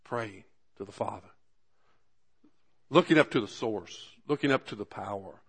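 A man preaching a sermon, talking through scripture in an earnest, conversational way, with swelling emphasis and drawn-out words at key moments. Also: fairly low pitch, animated, husky. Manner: earnest, conversational asides to the congregation. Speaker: pastor.

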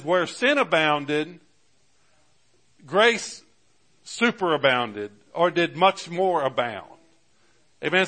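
A man's voice: fairly high pitch, a bit bright. A man preaching a sermon as pastor, with emphatic rises on key words and many fillers and restarts. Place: church.

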